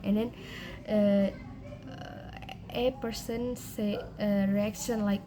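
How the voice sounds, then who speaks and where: A young woman with an Indonesian accent presents to her class at a slow, unhurried pace. She talks in a halting way, full of fillers and restarts, with a middle pitch. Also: fairly even intonation, background noise. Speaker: student presenter.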